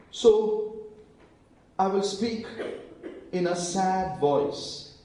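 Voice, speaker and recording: A man preaching a sermon in a big, echoey church hall, heard from some way off the microphone. His voice is somewhat high and mellow, and he tells stories, dropping to a hush for quoted lines. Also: far from the mic. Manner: storytelling, acting out quotes in hushed voices.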